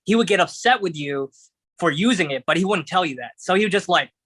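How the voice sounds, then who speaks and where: Halting man telling a casual story. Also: high-pitched, animated, fairly bright tone, husky, no room sound. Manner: halting, many restarts and fillers. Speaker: podcast guest. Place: podcast studio.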